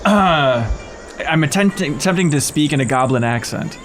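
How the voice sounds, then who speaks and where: A man's voice: a little high, expressive, normal speed, a bit bright, faint music behind. A man playing in a tabletop game, eager, agreeable and playful. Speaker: player. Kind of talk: tabletop role-play.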